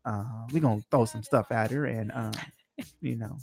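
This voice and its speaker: A man hosting a casual podcast interview with laid-back, slangy banter and drawn-out announcements. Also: medium pitch, creaky, a little mellow. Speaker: host.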